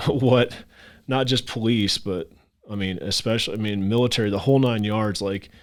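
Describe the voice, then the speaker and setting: Heartfelt man with a lowish voice. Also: moderate pace. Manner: heartfelt, grateful, emotional, with stammered restarts. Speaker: podcast host. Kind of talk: casual interview chat.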